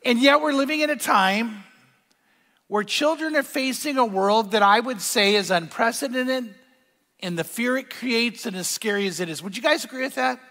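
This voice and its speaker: An older male pastor preaches in a bright, high voice that rings through a large hall. He tells stories and turns to the congregation with questions, and a long reverb trails every phrase. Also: moderate pace. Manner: storytelling, asks the audience questions. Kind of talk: sermon.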